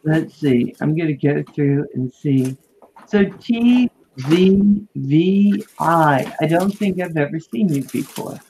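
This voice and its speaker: A woman's voice: deep voice, lively intonation, slow, warm tone, a little hiss or hum, rough recording. A woman co-hosting a video call-in chat show, talking casually and laughing often.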